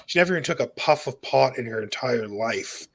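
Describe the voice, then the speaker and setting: With lively intonation and a brisk pace, this young man speaks in a mid-range, fairly bright, husky voice with vocal fry. He's a guest earnestly recounting his near-death experience, intense, emotional testimony in casual speech peppered with "dude" and "bro."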